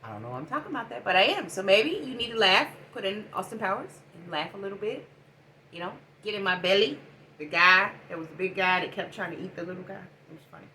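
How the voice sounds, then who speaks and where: A middle-aged woman giving a casual spiritual oracle card reading, talking in a preachy way and swinging between loud bursts and hushed asides. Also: medium pitch, lively intonation, fast, hardly any pauses, a little hiss or hum.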